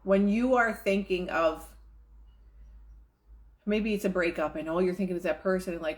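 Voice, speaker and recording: A woman with a slightly low voice reads passages aloud from a self-help book. She keeps stopping to talk them over in a loose, chatty way and acts out little quoted thoughts along the way. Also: fairly even intonation, normal speed, long pauses. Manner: casual, conversational asides with quoted inner voices. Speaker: manifestation coach. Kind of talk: reading a book aloud and commenting.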